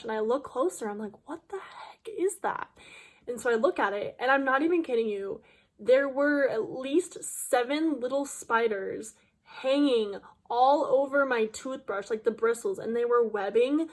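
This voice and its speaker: A young woman YouTuber telling a dramatic storytime to her viewers in a chatty, filler-heavy way. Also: fairly high pitch. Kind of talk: casual storytime vlog.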